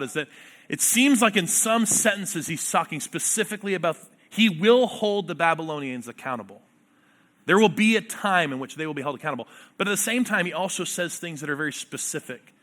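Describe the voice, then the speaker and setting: A male pastor delivers a sermon in a high, bright, forceful voice. He reads scripture aloud and unpacks it. His delivery keeps swinging between loud, emphatic stretches and hushed, quiet ones.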